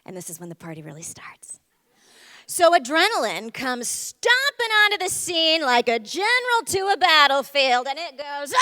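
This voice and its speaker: A young woman tells a comic story on stage, animated and self-mocking. Her voice sits high and bright, with lively swings in pitch. A long theater reverb hangs on every word. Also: moderate pace. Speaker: storyteller performer.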